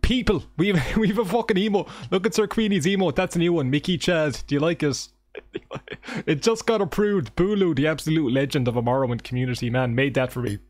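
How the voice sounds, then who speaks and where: A man streaming a game live, chatting casually with his viewers in an excitable, joking way and swearing often. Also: a little high, a little fast, dry recording. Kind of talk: casual livestream chat with viewers. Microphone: desk microphone.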